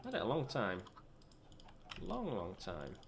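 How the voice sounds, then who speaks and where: A man's voice: lowish voice, huge pitch swings, unhurried, gravelly, a little hiss or hum. A young British man chatting and rambling in a self-deprecating way while commentating his own gameplay. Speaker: gaming channel host. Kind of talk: let's play commentary.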